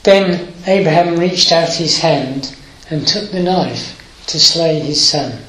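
Emotional preacher in an echoey room. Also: male voice, on the high side, a bit bright. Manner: unhurried, emotional, with hesitant fillers. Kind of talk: sermon reading and explaining scripture.

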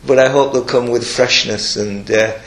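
An older man preaching a sermon, earnest and emphatic, breaking into soft chuckles and restarting his sentences. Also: medium pitch, fairly even intonation, moderate pace. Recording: echoey room.

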